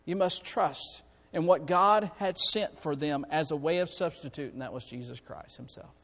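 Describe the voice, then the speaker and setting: High-voiced preacher in echoing hall. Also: male voice, moderate pace. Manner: impassioned, repetitive, swings from quiet to loud. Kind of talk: sermon.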